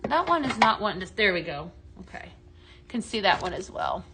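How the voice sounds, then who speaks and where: A woman hosting a live sales stream, gushing excitedly and talking straight to her viewers in a chatty product demo. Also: medium pitch, a little fast, rough recording. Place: indoors, dimmed room.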